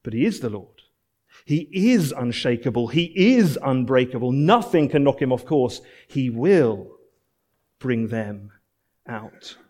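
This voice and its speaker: A man preaching a sermon, earnest and emphatic, repeating phrases and dropping to soft, low endings. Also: animated, a little slow.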